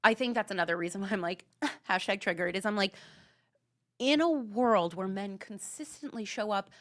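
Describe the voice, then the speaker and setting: A woman hosting a podcast in casual chat, animated and emphatic, with many fillers. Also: medium pitch, moderate pace. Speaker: podcast host.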